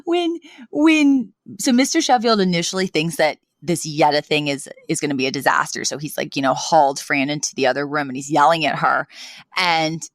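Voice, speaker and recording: A woman co-hosting a casual podcast, recapping a sitcom in a lively way, with quick restarts and frequent laughs. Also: deep voice, no echo. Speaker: podcast co-host.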